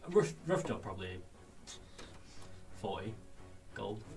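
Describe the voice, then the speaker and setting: A man's voice: lowish voice, sing-song, slow, gravelly, darkish tone. A man running a tabletop game as game master, loose and full of fillers, voicing a blacksmith. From England. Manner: loose, filler-heavy narration, laughs easily. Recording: distant mic with background music.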